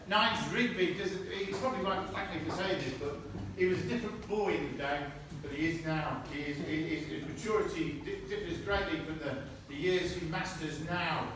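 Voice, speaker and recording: Middle-aged man, high-voiced, stop-start storyteller; picked up from afar on a phone, boomy echoing room with background noise. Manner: halting and anecdotal, with frequent restarts and chuckles. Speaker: retiring army medic giving a farewell speech. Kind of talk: informal farewell speech to friends. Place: indoor gathering in a historic hall at night. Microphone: friend's phone held at a distance. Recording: distant phone recording, very echoey room, audible noise. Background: room ambience of a gathering.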